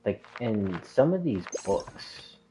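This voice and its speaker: A man's voice: fairly low pitch, sing-song, slow pace, warm tone, slight background noise, low-quality recording. A man casually talking through a theory in a rambling, hesitant way, with lots of filler words and restarts. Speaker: gaming lore commentator. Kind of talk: casual explanatory monologue.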